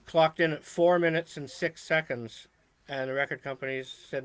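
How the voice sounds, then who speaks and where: A man's voice: on the high side, steady tone, normal speed, clear, resonant tone. A man in casual chat with friends, telling a rambling story with lots of fillers. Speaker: show co-host.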